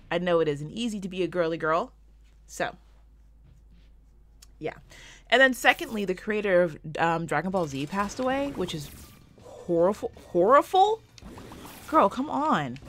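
An American woman in her twenties giving rambling, fast, swear-filled commentary while playing a video game. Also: fairly low pitch, a bit bright, slight background noise. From United States. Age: 20s. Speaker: gaming streamer. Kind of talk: casual gameplay commentary.

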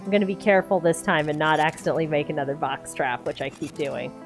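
A woman's voice: sits low, fast talker, over music. Chatty woman narrating her gameplay. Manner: chatty, talks to herself while playing. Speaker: gaming streamer. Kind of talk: casual let's-play commentary.

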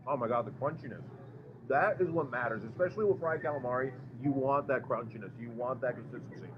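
Excited guy doing a live food review in a restaurant, muffled audio, noisy background. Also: medium pitch, fast. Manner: excitable, gushing, repeats words. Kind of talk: live taste test on camera.

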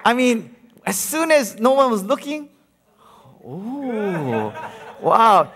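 A man's voice: extremely high pitch, big pitch swings, slow pace, a bit bright. A man preaching a sermon in a playful, storytelling way, with a Hawaiian-tinged accent and many fillers. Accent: Hawaiian Pidgin-tinged English. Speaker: pastor. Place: large church hall. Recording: reverberant church hall.

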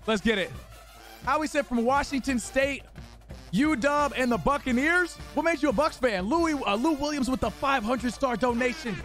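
A young man livestreaming a football video game, casually chatting with viewers, shouting them out and teasing them. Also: extremely high pitch, normal speed, soft background music. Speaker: live streamer playing a football video game. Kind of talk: casual livestream chat, reading chat aloud. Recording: home stream with game crowd noise. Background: game stadium crowd and commentary.

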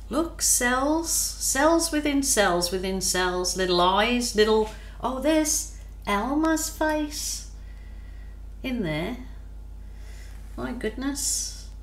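Gushing slow-talking woman painter. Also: medium pitch, fairly bright tone. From Australia. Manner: gushing, exclamatory, drawn-out delight. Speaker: fluid art painter. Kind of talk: casual narration while painting. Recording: echoey room.

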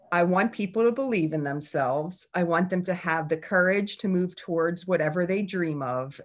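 A middle-aged woman giving a candid, chatty talk about her own journey, laughing often. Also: on the low side. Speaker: speaker. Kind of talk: personal story talk.

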